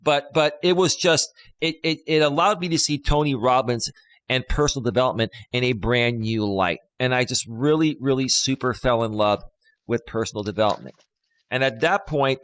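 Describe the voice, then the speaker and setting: A man in his fifties hosts a casual live stream as a life coach. He rambles and repeats himself, but stresses his points with emphasis. His mid-pitched voice sounds dry and close to the mic, with no room around it. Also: fairly bright tone, no echo. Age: 50s. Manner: rambling, emphatic, with many fillers and restarts.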